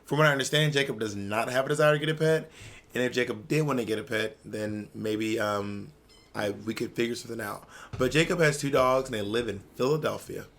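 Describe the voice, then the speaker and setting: A man co-hosting a podcast in casual chat, teasing his co-host with deadpan jokes. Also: medium pitch, brisk.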